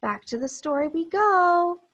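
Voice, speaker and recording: Reading a picture book to little children, a teacher with a high, gentle voice delivers an animated phonics lesson. She speaks slowly, stretches out each sound so it's clearly modeled, and cheers the children on to repeat it, though the recording has its highs cut off.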